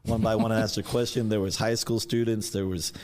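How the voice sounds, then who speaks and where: A man, a school principal telling relaxed stories as a guest and acting out remembered conversations. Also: on the low side, a little fast. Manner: relaxed storyteller who acts out remembered dialogue. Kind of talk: casual storytelling interview.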